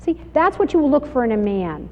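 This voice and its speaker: A woman giving a lively Bible study talk to women, laughing often and acting out quoted exchanges, recorded on muffled 1990s video in a large hall. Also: sits high, a little fast, slight background noise. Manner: animated, laughing, acts out little quoted exchanges.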